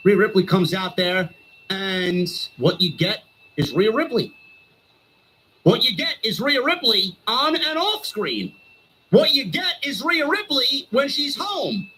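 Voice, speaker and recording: A man's voice: high voice, pushed and bright, slight background noise, low-quality recording. A male streamer delivering a heated, sarcastic wrestling rant full of swearing.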